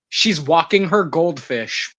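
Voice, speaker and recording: A man with a slightly high voice trades jokes with friends on a live stream panel. He laughs easily and trips over his words, restarting his sentences. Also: fairly bright tone, slightly rough, dry recording. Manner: joking, laughs often, stammers restarts.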